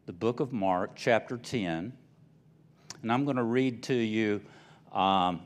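A man preaches in a lively, rising and falling voice and takes his time. He retells the story with plenty of animation and often repeats a phrase. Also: mid-range voice. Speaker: pastor. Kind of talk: sermon.

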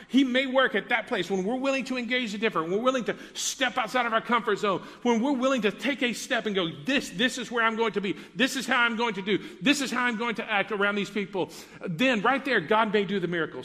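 Pastor guy preaching, high voice, talks to the crowd like a chat, long echo. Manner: conversational, animated preaching with asides to the congregation. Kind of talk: sermon. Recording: preached in a reverberant church hall.

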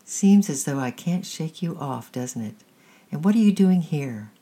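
A woman's voice: sits low, expressive, unhurried, mellow, pitched above the performer's own voice. A woman reading a storybook aloud, voicing a weary, blunt middle-aged male thief who is kind underneath. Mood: gruff. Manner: blunt, rough, hesitant.

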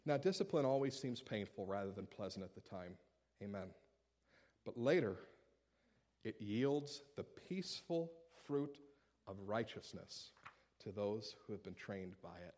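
A male pastor delivering a sermon in an animated, humorous, conversational way. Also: lowish voice, unhurried.

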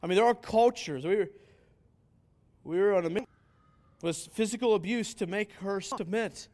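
A male pastor delivers a sermon in a notably high voice for a man. He is earnest and emphatic, leaning on rhetorical questions that he answers himself. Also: moderate pace, darkish tone.

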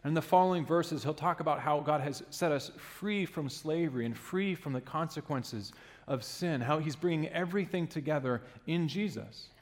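A man's voice: a little high, moderate pace, big-room sound. A man preaching a sermon in a church, earnest and emphatic, sometimes restarting a phrase.

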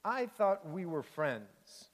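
A man voicing a polite, gentle male octopus in a read-aloud storybook, in a reverberant hall. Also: high voice, very animated, slow, exaggerated voice. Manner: polite, proper phrasing.

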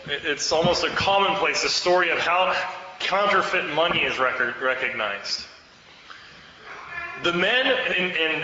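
A man's voice: high voice, sharp tone. A man preaching a sermon, fervent and exhorting, urging his listeners to act. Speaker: pastor. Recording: echoey hall, dull sound.

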